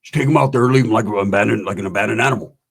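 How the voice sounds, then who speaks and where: A man's voice: on the low side, very fast, creaky, husky, pitched below the performer's own voice. A man voicing a laid-back drug-dealing man who drawls and keeps calling everyone brother. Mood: scheming.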